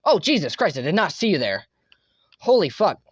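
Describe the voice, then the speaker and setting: A young man streaming a game, chatting casually, excitable and full of swearing and laughter. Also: high voice, moderate pace, husky, no echo. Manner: excitable, profane, laughs a lot. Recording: dull lo-fi mic, dry.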